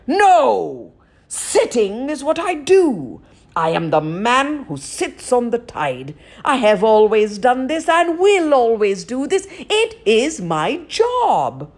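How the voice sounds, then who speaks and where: A woman storyteller voicing a huge, stubborn male giant who talks loudly and refuses to budge. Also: wildly swooping pitch, slow pace, exaggerated voice. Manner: loud, stubborn, booming complaints.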